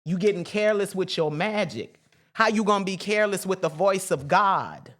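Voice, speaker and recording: A woman's voice: mid-range voice, normal speed. A woman delivering a loose, sermon-like spiritual talk. She speaks emphatically in casual slang, drops curse words freely, and leans on repetition to drive her points home. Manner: repeats phrases for emphasis. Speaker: spiritual teacher. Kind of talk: informal spiritual teaching monologue.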